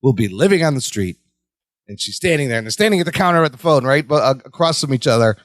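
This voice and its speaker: A man's voice: fast, no room sound. A man co-hosting a podcast, recapping a sitcom in casual chat and acting out the characters' lines. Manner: animated, acts out characters' lines in a high voice. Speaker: podcast co-host.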